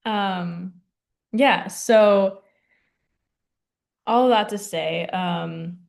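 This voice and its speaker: A woman's voice: medium pitch, extremely slow, vocal fry. A young adult woman presenting a class project, hesitant and full of ums and likes. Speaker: student presenter.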